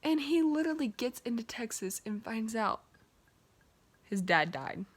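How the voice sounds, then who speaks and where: A woman's voice: a little high, big pitch swings, unhurried. A young woman casually retelling a story, chatty and peppered with "like" and "um". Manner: chatty, full of "like" and "um".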